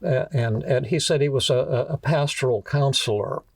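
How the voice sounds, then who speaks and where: A man hosting a podcast, telling a story in a halting way, often repeating words and restarting his sentences. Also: mid-range voice, vocal fry, no echo, recorded from a distance.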